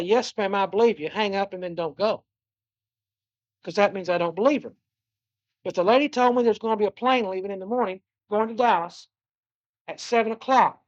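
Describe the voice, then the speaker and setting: A man preaching a sermon. He talks earnestly, repeats his phrases and slows down to stress scripture. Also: sits high, no echo. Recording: dull lo-fi dry recording.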